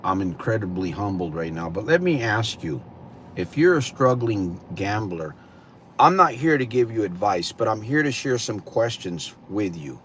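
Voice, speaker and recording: A man hosting a live stream, greeting viewers and slowly posing reflective questions to them. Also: fairly low pitch, lively intonation, fairly bright tone, slight background noise. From California. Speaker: livestream host.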